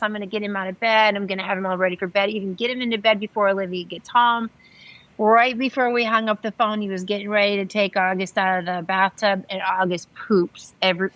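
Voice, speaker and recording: A woman's voice: medium pitch, fairly bright tone, dull audio. A woman and panel guest who tells a family story in a chatty, rambling way. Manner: chatty, rambling, full of "like" and "you know".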